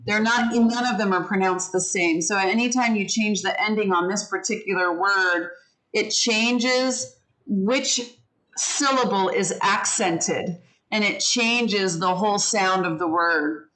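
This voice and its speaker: In poor-quality audio, a woman running an online English class offers encouraging feedback and patiently walks through how word stress shifts. She speaks at a measured pace in a medium-pitched, slightly bright voice.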